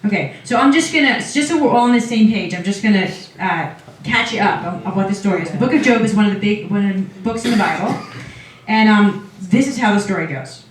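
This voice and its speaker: A woman rabbi giving a casual, lively lecture, retelling a story to an audience. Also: mid-range voice, a little fast. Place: lecture room. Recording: echoey hall from far off.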